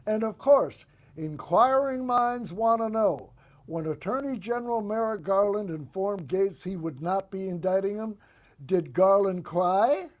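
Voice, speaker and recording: A man hosting a political comedy show, delivering one-liners and sarcastic commentary in a deadpan monologue. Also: sits high, unhurried. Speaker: host.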